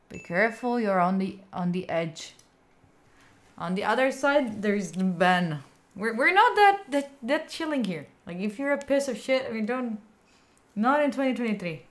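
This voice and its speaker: A woman's voice: mid-range voice, moderate pace. Italian woman chatting with live viewers. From Italy. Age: young adult. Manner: chatty, swears freely, reacts to chat. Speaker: livestream host. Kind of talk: casual chat with live viewers. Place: room at home.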